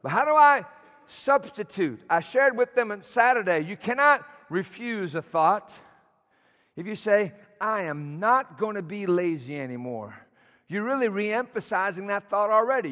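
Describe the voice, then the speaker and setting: A man preaching a sermon, swinging from shouts to quiet asides, calling for amens from the congregation. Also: high-pitched, animated, moderate pace. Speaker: pastor. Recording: long hall reverb.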